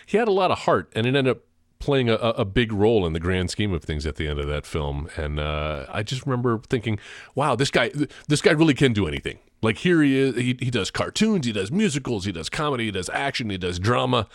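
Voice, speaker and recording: Low-voiced male podcast host, dry sound. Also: very animated, fast talker, dry recording. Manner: thoughtful, hesitant with ums. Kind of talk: casual movie chat.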